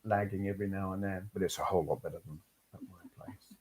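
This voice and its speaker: Deep-voiced English man chatting on stream. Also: fairly even intonation, quick pace, a little mellow, slightly rough. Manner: rambling, chatty, reads out viewer comments. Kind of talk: casual live-stream chat.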